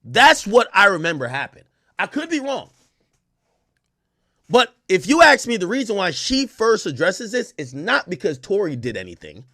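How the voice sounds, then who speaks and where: A man hosting a casual stream, talking to his chat in animated, profane commentary and acting out quotes. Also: high-pitched, normal speed, dry recording, studio quality. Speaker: streamer host.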